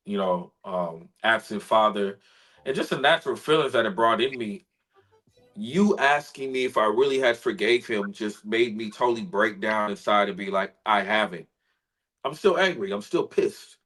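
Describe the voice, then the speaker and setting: A man, a spoken word artist, telling an emotional personal story in an earnest, heartfelt way, sometimes soft-spoken. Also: lowish voice, poor audio.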